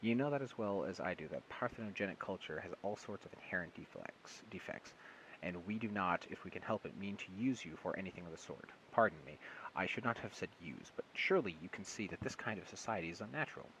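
A man reading an audiobook, voicing a calm, urbane man from Earth who speaks low and politely. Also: fast, a little hiss or hum, low-quality recording.

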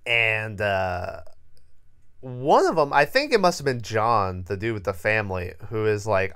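Smooth-voiced man recapping a movie. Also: fairly low pitch, very animated, a little slow, a bit bright. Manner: rambling, profane, laughs at the film. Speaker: podcast co-host.

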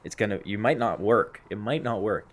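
A man's voice: fairly low pitch, a little fast. A young man co-hosting a podcast, telling crude rambling stories, laughing often and acting out both sides of a conversation. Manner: rambling storyteller, laughs often, acts out voices. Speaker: podcast co-host. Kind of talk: crude casual podcast banter.

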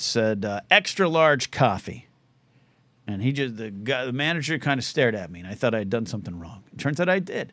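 A man's voice: medium pitch, a bit bright, dry recording. Middle-aged Californian man, talk-radio style call-in host, rambling self-deprecating storyteller, dry close sound. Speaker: host of a live call-in show. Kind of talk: casual livestream talk-radio chat.

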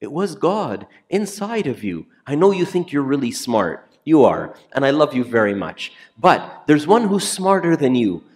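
Priest preaching with repeated emphasis. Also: male voice, fairly high pitch, very animated, moderate pace, hardly any pauses. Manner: emphatic, repeats key phrases, drops to a near whisper for quiet lines. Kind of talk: sermon. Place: church.

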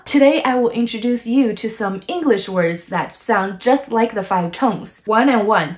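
A woman with a Chinese accent teaching Mandarin tones in a casual lesson, explaining slowly and repeating syllables with exaggerated rises and falls. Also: mid-range voice, expressive, a little mellow.

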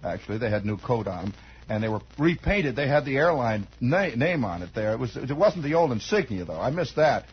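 Husky-voiced man spinning a rambling radio yarn. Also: medium pitch, very animated, brisk. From United States. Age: 40s. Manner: meandering, wry, with many asides. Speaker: radio host and storyteller. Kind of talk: rambling improvised radio monologue. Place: radio studio. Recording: dull lo-fi 1960s radio recording.

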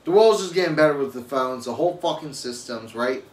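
A young adult man, a father, rambles through stories in a casual live-stream chat, swearing freely. His voice sits at an ordinary mid pitch. The room is echoey, with a faint hum of ambience behind him. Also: expressive, brisk. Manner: rambling, profane storytelling. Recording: roomy echo with faint ambient noise.

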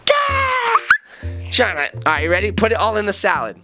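A middle-aged man hosting a kids' game video, joking excitedly and playfully as he plays alongside his child. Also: sits high, normal speed, over music. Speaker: gaming channel host.

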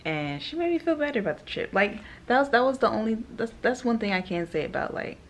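A young woman, a flight attendant, telling animated stories in a casual vlog, laughing often and quoting people. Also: fairly high pitch, fast, slight background noise.

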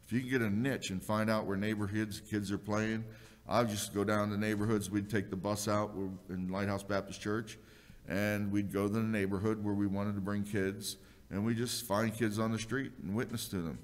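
A middle-aged male pastor with a low-pitched voice delivers a folksy sermon, pausing often with little hesitations as he tells stories. His voice rings out with a long reverb tail from the church sanctuary. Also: little pitch movement. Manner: folksy storytelling preaching with frequent uh fillers.

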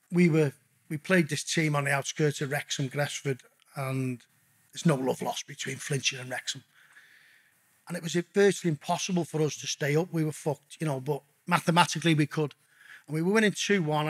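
A man, a guest, telling a story casually and animatedly, swearing heavily as he goes. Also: fairly high pitch. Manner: heavy swearing, animated retelling.

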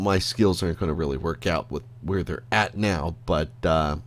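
A man's voice: deep voice, normal speed. A man streaming a game, rambling to himself in casual commentary and swearing freely from his desk. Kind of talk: casual live gameplay commentary. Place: at a desk by a computer.

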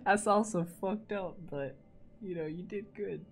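A woman streaming a game, reacting in an excitable, profane way. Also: mid-range voice, a little slow, vocal fry, husky.

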